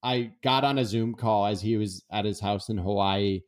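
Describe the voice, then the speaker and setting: A man's voice: lowish voice, moderate pace. A man, a guest author, telling stories in an interview and acting out the dialogue. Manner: animated, acts out dialogue. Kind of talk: storytelling in an interview.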